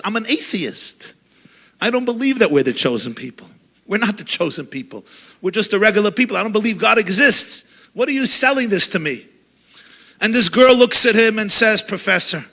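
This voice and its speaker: A man, a rabbi, delivering an impassioned sermon, swinging from loud outbursts to hushed tones. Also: high-pitched. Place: lecture gathering.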